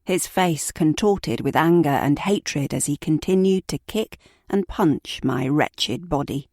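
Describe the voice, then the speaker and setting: Woman narrator, low-pitched, very slow and measured, dry close sound, true crime audiobook. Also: a little mellow, no room sound. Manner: slow, measured, sombre reading.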